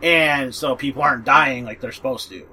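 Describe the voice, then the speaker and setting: A man's voice: mid-range voice, normal speed, pushed and bright, slight background noise, rough recording. A man chatting casually about fantasy audiobooks, rambling with fillers, swearing and laughing often. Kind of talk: casual book recommendation chat.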